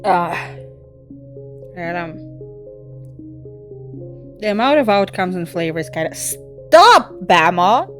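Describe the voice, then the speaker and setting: A young woman streaming a game, chatting casually and excitably, swearing and laughing often. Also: lowish voice, slow pace, long pauses, soft background music. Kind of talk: casual gameplay chat.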